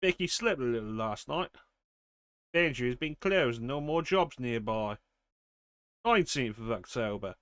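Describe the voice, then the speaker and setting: A man's voice: mid-range voice, animated, normal speed, long pauses, a bit bright, clean tone, dry recording, clean studio sound. A man streaming a game, reading in-game diary notes aloud steadily and then chatting casually. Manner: reads steadily, then chats casually with fillers.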